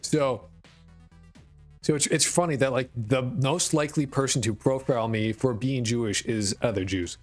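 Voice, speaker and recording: Rambling profane streamer with a New York-Boston lilt. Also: male voice, mid-range voice, normal speed, faint music behind. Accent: mixed New York, Boston and Connecticut. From rural Connecticut, US. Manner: rambling, profane, self-deprecating. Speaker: game dev streamer. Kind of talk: casual live-stream chat.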